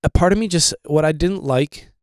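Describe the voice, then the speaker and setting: A man's voice: a little high, moderate pace, darkish tone, smooth, dry recording. A young man hosting a podcast, rambling casually with lots of fillers and swearing. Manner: rambling, profane, with many fillers. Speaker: podcast host.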